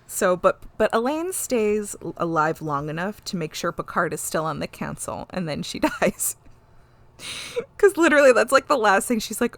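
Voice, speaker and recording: A woman hosting a podcast, retelling a TV episode in a casual, animated way and swearing freely. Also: medium pitch, moderate pace, no echo. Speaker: podcast host. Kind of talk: casual chat recapping an episode.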